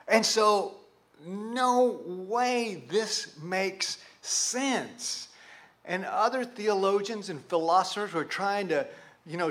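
Folksy Texan pastor preaching. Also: male voice, high-pitched, a bit bright. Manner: folksy, conversational, jokes with the congregation. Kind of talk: sermon. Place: church sanctuary with a live congregation.

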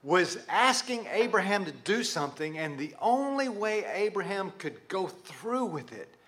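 A man's voice: high voice, big pitch swings, a little slow, a bit bright. A man with a Texan accent, preaching a sermon to a live congregation in a folksy, conversational way. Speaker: pastor. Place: church sanctuary with a live congregation.

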